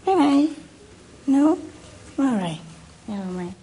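A woman's voice: medium pitch, animated, takes it slowly, breathy edge, low-quality recording. A woman coaxing a pet bird in a sing-song voice, then chatting casually with a visitor. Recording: loud crowd and background noise.

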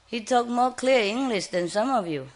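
A woman's voice: a little high, animated, moderate pace. A woman who rescues birds, talking tenderly and coaxingly to a parrot in simple, broken English while telling viewers about it. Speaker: bird rescuer. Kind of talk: casual talk to a parrot and viewers.

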